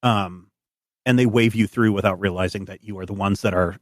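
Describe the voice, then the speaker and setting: A man's voice: fairly low pitch, fairly even intonation, a little fast, no echo, studio quality. A man narrating a tabletop game as game master in a loose, rambling way.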